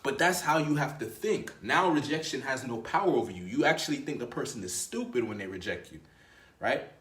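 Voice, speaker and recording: A man's voice: mid-range voice, lively intonation, a little fast, fairly bright tone, echoey room. A man talking as a dating coach in a casual, emphatic, slangy manner, often repeating and restarting phrases. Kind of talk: casual motivational talk to camera.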